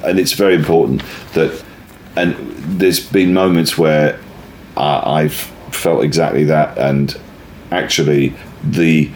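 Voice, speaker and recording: A middle-aged man in casual conversation, telling stories in a rambling, self-interrupting, animated way. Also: very deep voice, takes it slowly, slight background noise. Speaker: guest, performer.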